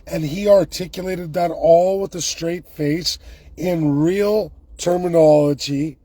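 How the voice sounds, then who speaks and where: A man's voice: a little high, steady tone, takes it slowly, mellow, dry recording. A man delivering a heated, emphatic and sarcastic political rant, speaking straight to his viewers. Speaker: political commentator.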